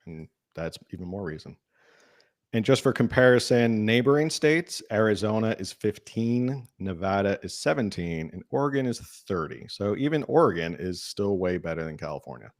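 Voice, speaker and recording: Male co-host, low voice, dry and wry, casual podcast talk. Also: animated, moderate pace. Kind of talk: casual political chat.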